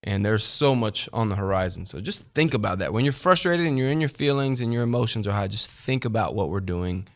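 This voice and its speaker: A man's voice: fairly low pitch, expressive, a little fast, few pauses. A man analyzing college football recruiting on a studio radio show, earnest and emphatic. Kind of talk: casual sports radio talk.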